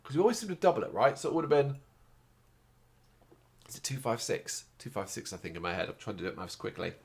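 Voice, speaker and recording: A man from England talks off the cuff in a tired, rambling way, drifting from one tangent to the next. He swears casually, keeps losing his words and stops to pick them up again. His voice sits at an ordinary middle pitch. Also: big pitch swings, quick pace, gravelly. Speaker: host of a music and games review site. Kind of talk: unscripted casual monologue.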